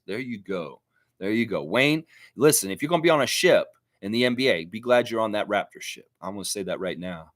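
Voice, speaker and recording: A man's voice: mid-range voice, a bit bright, no echo, studio quality. A man hosting a casual sports reaction livestream, reading viewer comments aloud and answering them in a blunt, profane way. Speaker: livestream host reading chat.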